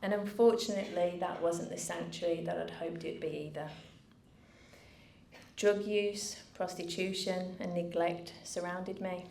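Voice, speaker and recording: A middle-aged woman giving a personal speech from a stage, earnest and measured with dry asides. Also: on the low side, steady tone, creaky, a little mellow. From United Kingdom. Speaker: founder giving a keynote speech. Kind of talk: personal story told from a stage. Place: event venue with a live audience. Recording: roomy venue, faint background noise.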